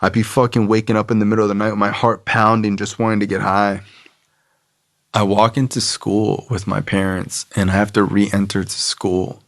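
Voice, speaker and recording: A man's voice: fairly low pitch, level tone, moderate pace, a bit bright, no echo, clean studio sound. A man from South Florida, a podcast guest, telling his own story frankly and loosely, with plenty of filler words and swearing. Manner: frank, loose, heavy use of "like" and profanity. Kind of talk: candid personal storytelling.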